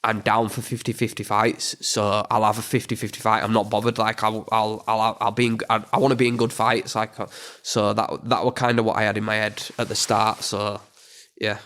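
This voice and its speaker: A young man with a Yorkshire accent, a boxer chatting in an interview, halting and repeating his words. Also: on the low side, completely flat delivery, fairly bright tone. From England. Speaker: boxer guest. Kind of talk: casual interview chat.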